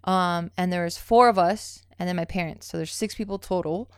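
A woman's voice: fairly low pitch, moderate pace, clear, resonant tone, no room sound. Profane, chatty young woman, dry sound. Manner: loose, profane storytelling with many fillers. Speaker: podcast co-host. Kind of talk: casual chat.

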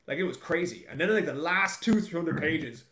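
A man's voice: a little high, expressive, moderate pace, fairly bright tone. A man being interviewed as an author, talking in a chatty, emphatic way and laughing often. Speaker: author guest. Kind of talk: casual interview chat. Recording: echoey room.

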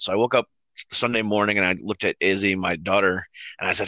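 Bright-voiced man telling stories casually. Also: fairly low pitch, a little fast, dry recording. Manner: relaxed storytelling with laughs and frequent fillers. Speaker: co-host. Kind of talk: casual chat.

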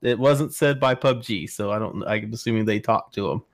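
A man's voice: fairly low pitch, moderate pace, dry recording, studio quality. A man in a casual podcast chat, relaxing into gaming news with a wry tone. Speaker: podcast co-host presenting news.

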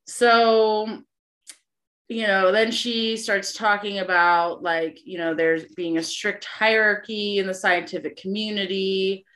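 A woman's voice: mid-range voice, little pitch movement, slow pace, a bit bright. A young woman hosting a podcast in casual chat, rambling with lots of fillers and giggles. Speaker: podcast host.

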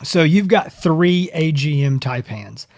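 Male podcast co-host, slightly high voice, joking and animated, dry close studio sound. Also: takes it slowly, no room sound. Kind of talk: casual podcast chat.

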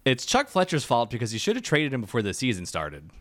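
An animated, joking man chatting as a podcast co-host, his voice sitting at an ordinary middle pitch. The sound is dry and close with no room around it. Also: quick pace, no room sound. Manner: animated, jokey storyteller. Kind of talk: casual chat.

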